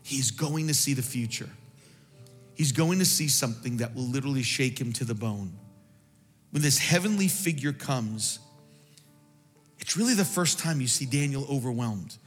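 A man's voice: medium pitch, lively intonation, normal speed, long pauses, in a large hall, soft background music. A man pastor preaching a sermon with impassioned delivery that swells toward near-singing peaks.

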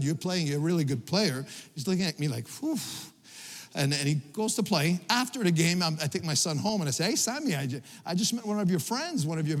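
Middle-aged male pastor, sermon delivery, slightly high voice, halting repeats, loud emphatic peaks, long hall reverb.

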